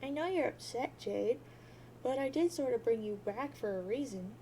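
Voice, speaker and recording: A woman voicing a soft, guilty teen girl. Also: on the high side, animated, normal speed, a little hiss or hum, low-quality recording. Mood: coaxing. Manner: soothing, hushing.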